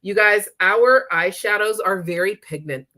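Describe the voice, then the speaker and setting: A woman's voice: medium pitch, a little slow, bright, forceful tone. Chatty woman demonstrating makeup. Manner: chatty, checks in with frequent "okay?". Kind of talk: live makeup tutorial.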